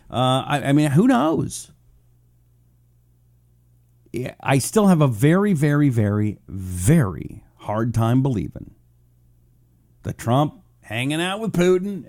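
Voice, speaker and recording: A man's voice: mid-range voice, big pitch swings, measured pace, gravelly, pauses often, a little mellow. A man hosting a political talk radio show, rambling casually, joking at his own expense and reading listener comments aloud.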